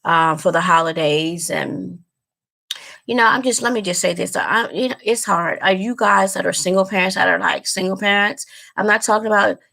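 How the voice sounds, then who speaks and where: Woman, vlogger, casual chat, gravelly, bright tone, earnest, emotional. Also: medium pitch, moderate pace. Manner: emotional, earnest, repeats herself. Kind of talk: casual direct-to-camera chat.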